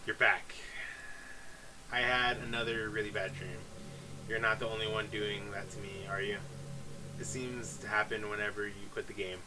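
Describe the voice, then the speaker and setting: A man's voice: fairly low pitch, steady tone, normal speed, pauses often, background noise, natural voice. A man reading aloud the lines of an obsessive, clingy young woman game character, with little change of voice. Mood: pleading.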